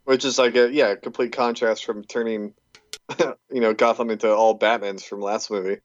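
A man's voice: lowish voice, steady tone, normal speed. An easygoing man co-hosting a podcast who laughs a lot and stumbles over his words as he chats. His recording sounds slightly dull and muffled. It is dry, with no room echo. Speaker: podcast co-host. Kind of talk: casual movie commentary chat.

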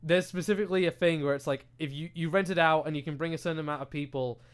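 A young man with a British accent talks into a desk microphone in a loose, casual chat. His voice sits high for a man, and he rants with plenty of swearing and filler words. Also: quick pace, clear, resonant tone. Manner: animated, ranting, heavy swearing and filler words.

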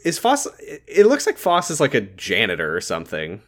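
A man co-hosting a casual podcast, recapping a movie in a laid-back, swearing way and reading its lines in flat mocking voices. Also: mid-range voice, brisk. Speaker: podcast co-host. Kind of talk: casual chat recapping a film.

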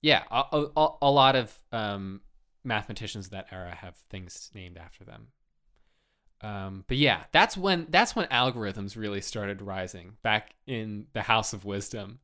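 A man's voice: fairly low pitch, expressive, moderate pace, bright, forceful tone. Sarcastic rambling man chatting. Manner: sarcastic, rambling, swears freely. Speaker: podcast co-host. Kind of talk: casual chat.

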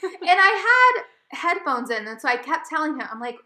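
A woman co-hosting a casual podcast, her voice bright and a little high. She tells an animated story and laughs often. The room sounds echoey. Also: moderate pace. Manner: animated, laughing often, gets loud when retelling. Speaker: podcast co-host.

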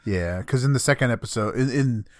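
A man's voice: medium pitch, brisk, no echo, clean studio sound. A man co-hosting a casual podcast chat, recapping anime episodes in a loose, profane way. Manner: loose, profane, acts out characters in a flat voice. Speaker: podcast co-host.

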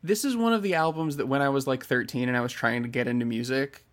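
A man's voice: mid-range voice, fast talker, a bit bright. A young man co-hosting a podcast, telling rambling, self-mocking stories in casual chat. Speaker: podcast co-host.

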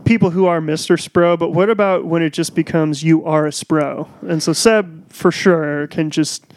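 A man's voice: a little high, steady tone, moderate pace, a little mellow. A young man in casual chat, riffing and mocking with lots of swearing.

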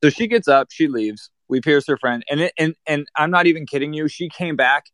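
A man who owns a piercing studio, telling a work story in casual chat with a blunt, profane, animated delivery. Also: on the high side, a little fast, no echo.

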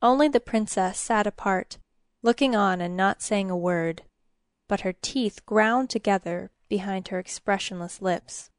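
Brief: female storyteller, unhurried and expressive, mid-pitched, dry studio sound. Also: no room sound. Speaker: narrator. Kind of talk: storybook narration.

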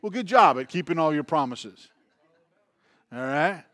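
Male preacher, a touch high, dry close sound, talks to the room and checks in often. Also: expressive, unhurried, bright, forceful tone, no echo. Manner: conversational preaching with frequent restarts and check-ins like "right?". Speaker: pastor. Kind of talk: sermon.

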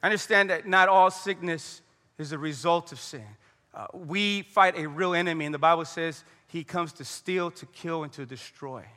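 A man's voice: on the high side, moderate pace, pushed and bright, big-room sound. A man preaching a conversational sermon, telling stories and praying aloud. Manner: conversational preaching with storytelling and prayer. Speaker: pastor.

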